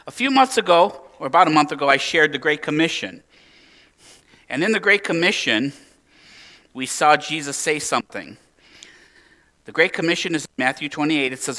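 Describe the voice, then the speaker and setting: Male pastor, higher-pitched bright voice, animated sermon delivery, slightly distant church mic. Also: moderate pace, long pauses. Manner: animated preaching with emphatic rises and hushed drops.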